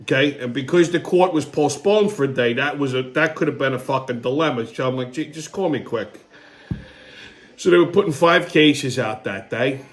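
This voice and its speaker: A man hosting his own show, telling a story as a comedic monologue, profane and sarcastic, swinging between low muttering and excited outbursts. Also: fairly quick. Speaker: host.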